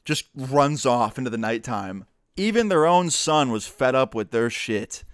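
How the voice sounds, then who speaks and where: A young man, a YouTuber, telling a personal story casually, profane and animated, with lots of quoted dialogue. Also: medium pitch, a little slow, clear, resonant tone, no echo, studio quality.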